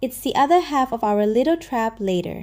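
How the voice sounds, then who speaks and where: Upbeat woman teaching with lively pitch. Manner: models words slowly and repeats each one. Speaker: language teacher. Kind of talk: scripted language lesson.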